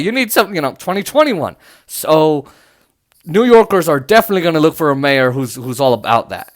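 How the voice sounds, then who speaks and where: A man hosting a podcast, giving casual political commentary in a loose, chatty way with many fillers and restarts. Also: fairly high pitch. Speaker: podcast host.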